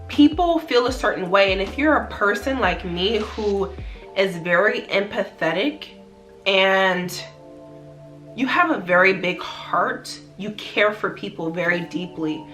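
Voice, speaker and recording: A woman's voice: mid-range voice, bright, forceful tone. A woman vlogger speaking to her viewers in an earnest, emphatic motivational talk, repeating phrases for emphasis. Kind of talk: heartfelt motivational talk to camera.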